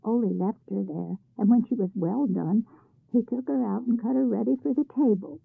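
Husky woman reading a folk tale. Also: on the high side, moderate pace. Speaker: narrator. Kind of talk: storybook narration. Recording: tinny phone-like sound.

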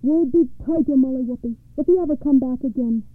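A woman's voice: on the high side, expressive, moderate pace, no echo. A woman reading as a threatening storybook giant. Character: big angry male giant. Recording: tinny phone-like audio.

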